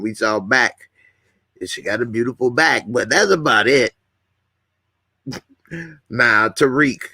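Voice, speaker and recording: A man's voice: mid-range voice, vocal fry, bright, forceful tone, no echo, clean studio sound. A man casually hosting a live stream, chatting with viewers, greeting commenters and laughing often. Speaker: YouTube host.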